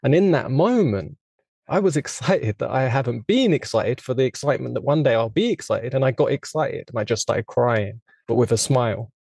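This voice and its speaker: A man's voice: medium pitch, expressive, normal speed, creaky, darkish tone, husky, dry recording. A middle-aged man hosting an interview, speaking in an earnest, reflective, rambling way over a video call. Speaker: podcast host. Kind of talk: casual interview conversation.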